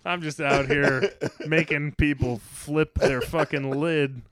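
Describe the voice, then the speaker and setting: A man's voice: on the high side, fairly even intonation, takes it slowly, fairly bright tone. Rambling, profane man on a podcast. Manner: rambling, profane storytelling with put-on quoted voices. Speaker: podcast co-host. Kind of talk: casual chat.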